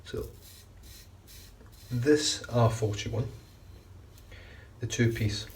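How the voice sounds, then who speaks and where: A man's voice: mid-range voice, very slow. A man chatting casually and rambling while he shaves his head, often restarting his sentences. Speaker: shaving vlogger. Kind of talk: casual running commentary while shaving. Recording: distant mic with faint background noise.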